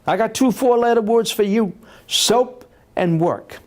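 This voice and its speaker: A man voicing a fiery populist politician with an Alabama accent, loudly taunting hecklers. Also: high-pitched, a little slow, pitched above the performer's own voice. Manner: taunting, loud and mocking.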